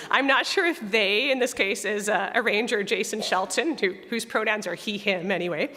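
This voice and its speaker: A woman's voice: medium pitch, normal speed, sharp tone, slight background noise. A woman music director speaking to a congregation in a chatty, self-deprecating way, with her voice giving out a little. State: losing her voice. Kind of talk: spoken reflection in a church service. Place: church sanctuary. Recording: long hall reverb.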